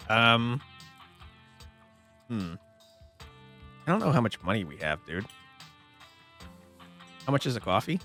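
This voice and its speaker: A man's voice: medium pitch, expressive, moderate pace, long pauses, a bit bright, soft background music. A man casually commenting while playing a story game, laughing often. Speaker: gamer, streamer. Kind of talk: let's-play commentary.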